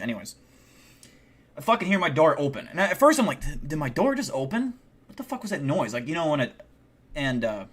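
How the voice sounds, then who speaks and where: Male streamer, casual and profane, mid-pitched, animated storyteller. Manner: profanity-heavy, animated retelling. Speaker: livestream host.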